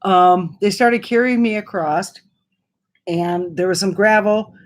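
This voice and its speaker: Middle-aged woman vlogger, casual storyteller, filler-heavy, average pitch. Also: measured pace. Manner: chatty, many fillers and restarts.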